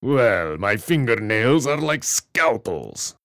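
A man's voice: mid-range voice, sing-song, slow pace, fairly bright tone, no room sound, clean studio sound, pitched above the performer's own voice, exaggerated voice. A man voicing a vain, theatrical male vampire who declaims melodramatically. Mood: boastful.

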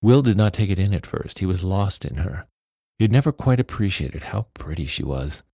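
A man reading a novel aloud as narrator in a steady, measured way. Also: low-pitched, gravelly, no room sound, clean studio sound. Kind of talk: storybook narration.

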